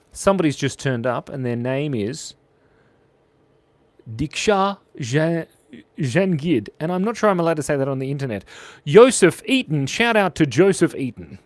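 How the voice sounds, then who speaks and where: A man chats with viewers on a casual drawing livestream and jokes as he goes. His voice sits a little high and jumps around a lot. The sound is close and dry, with no room echo. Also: very animated, normal speed. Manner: joking, rambling, often laughs. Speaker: channel host and animator.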